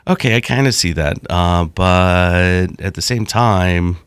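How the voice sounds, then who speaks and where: Man, very low voice, dry close sound, casual host, rambling, laughs a lot. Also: slow, clear, resonant tone, no echo. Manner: rambling, laughs often, many fillers. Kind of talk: casual live-stream chat.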